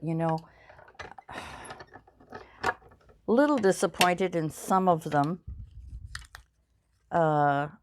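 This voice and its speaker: An older woman talks through her crafting in a low, slow voice. She rambles in an easygoing way and pokes fun at herself. Her speech is full of fillers and restarts. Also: noisy background. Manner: rambling, self-deprecating, many fillers. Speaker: crafting channel host. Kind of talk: casual crafting vlog chat.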